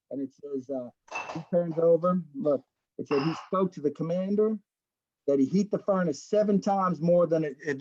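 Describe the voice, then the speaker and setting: Folksy, fairly high-voiced man teaching Bible study. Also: darkish tone, dry recording, dull audio. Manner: folksy, keeps saying "man" and "right?".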